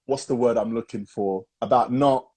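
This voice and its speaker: A man's voice: mid-range voice, normal speed, dark tone, husky. A young man, co-hosting a casual podcast chat, rambling with restarts and calling people "bro". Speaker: podcast co-host.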